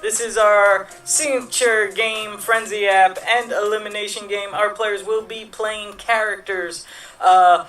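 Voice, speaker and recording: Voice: medium pitch, fairly even intonation, measured pace, a bit bright, recorded from a distance, faint music behind. An improv show host running a live-streamed game, upbeat and chatty, laughing easily.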